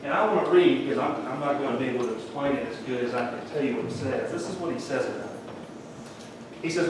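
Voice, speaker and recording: A man's voice: a little high, brisk, noisy background. A man, a pastor giving a folksy, conversational sermon in a church. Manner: folksy, conversational preaching with Southern phrasing. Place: church sanctuary. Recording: echoey church hall, mic at a distance.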